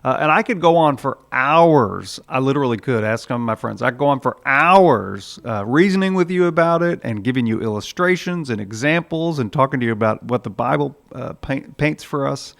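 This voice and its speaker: A man's voice: mid-range voice, expressive, normal speed, creaky, hardly any pauses, fairly bright tone. A man preaching a sermon in a conversational way, with frequent "uh"s, now and then acting out the voices in his story. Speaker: pastor.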